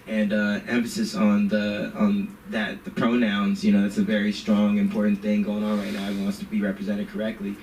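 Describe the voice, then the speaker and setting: A man's voice: lowish voice, completely flat delivery, a little fast, few pauses, a little mellow. Rambling male stand-up comic in an echoey club. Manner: conversational, rambling storytelling. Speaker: stand-up comedian. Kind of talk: stand-up comedy set. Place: comedy club stage. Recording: echoey room, distant mic, faint hiss.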